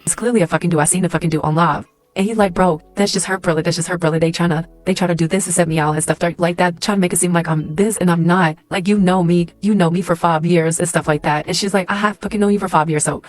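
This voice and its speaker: Rapid-fire profane woman storyteller. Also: on the low side, fairly even intonation, dry recording. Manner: fast, profane, acts out quoted dialogue. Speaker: storyteller in a clip. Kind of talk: casual storytime told in second person.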